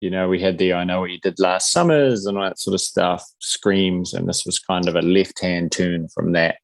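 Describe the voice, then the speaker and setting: Low-voiced sarcastic man in his forties. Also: moderate pace, vocal fry, no room sound. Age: 40s. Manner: dry, sarcastic, self-mocking jokes. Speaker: podcast co-host. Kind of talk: casual film review chat.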